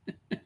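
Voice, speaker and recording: A woman, a grandmother, chatting candidly and bluntly on her own live stream, sprinkling in folksy country sayings. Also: narrow, tinny audio. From rural American South. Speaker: livestream host. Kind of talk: casual live-stream chat.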